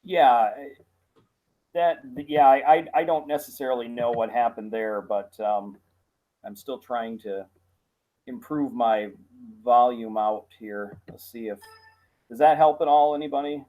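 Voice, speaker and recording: Halting Midwestern man co-hosting. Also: medium pitch, dark tone. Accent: Midwestern American. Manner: halting, stammering, many restarts. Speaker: podcast co-host. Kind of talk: casual podcast chat.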